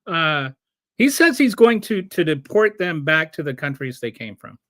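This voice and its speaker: Lively, high-voiced man ranting. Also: normal speed, no echo, studio quality. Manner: animated, with many restarts and rhetorical questions. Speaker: show host. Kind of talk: casual political commentary.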